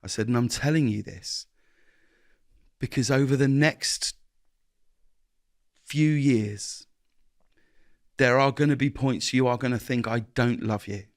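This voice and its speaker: An earnest man in his forties talks reflectively in a dry, close-miked studio, his pitch sitting in an ordinary middle register. He trips over restarts, circles back to what he means, and slips into acting out bits of dialogue as he goes. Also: unhurried, long pauses, no echo. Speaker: guest. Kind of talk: reflective interview conversation.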